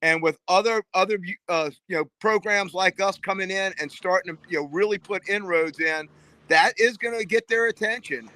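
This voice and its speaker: Male co-host, high bright voice, dry close sound, emphatic chatter. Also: moderate pace, no echo, low-quality recording. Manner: emphatic, chatty, peppered with "you know". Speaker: sports radio co-host. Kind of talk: casual sports talk.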